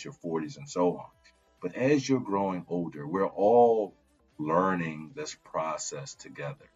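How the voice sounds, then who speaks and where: A man's voice: sits low, breathy edge, lo-fi sound. A man giving casual relationship advice, talking conversationally and often checking in with "right?".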